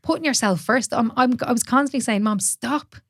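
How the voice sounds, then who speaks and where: A woman's voice: on the high side, fast, no room sound, studio quality. A woman in her thirties with an Irish accent, hosting a podcast as a fitness coach, talking candidly in casual chat, swearing freely and laughing often.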